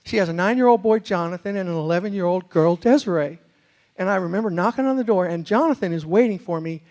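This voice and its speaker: High-voiced man telling funny stories. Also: fast. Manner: animated, acts out quoted voices. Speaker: storyteller and motivational speaker. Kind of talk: humorous storytelling talk on stage.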